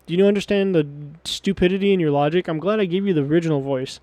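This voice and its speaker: A man's voice: sits high, fast, warm tone, no echo. A man giving profane, exasperated let's play commentary on a game. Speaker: game streamer.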